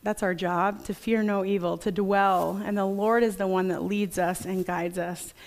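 A woman preaching a sermon to a congregation in a conversational way, reading scripture quietly and reflectively. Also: mid-range voice, fairly even intonation, normal speed.

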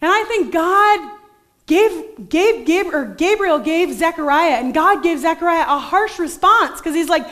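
High-voiced woman preaching a story-driven sermon. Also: a little slow. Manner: storytelling, animated, acts out voices in quotes. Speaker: pastor.

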